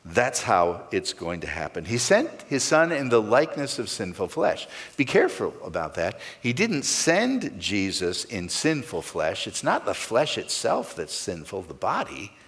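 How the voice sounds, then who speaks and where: A man's voice: on the low side, wildly swooping pitch, unhurried, hardly any pauses, fairly bright tone, long reverb tail. A male pastor preaching a sermon, stressing key words with sweeping rises and falls.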